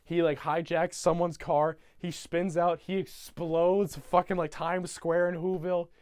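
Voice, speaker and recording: A man's voice: on the high side, level tone, a little slow, darkish tone, clear, resonant tone, no echo. A young man casually retelling a film from memory, rambling with many fillers and swearing. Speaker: YouTuber.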